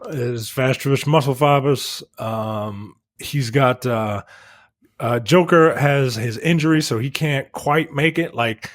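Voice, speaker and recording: A man's voice: medium pitch, takes it slowly, dry recording, clean studio sound. A man co-hosting a casual movie review chat, retelling scenes with profane jokes and acting out the characters' lines. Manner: profane, joking. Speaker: podcast co-host.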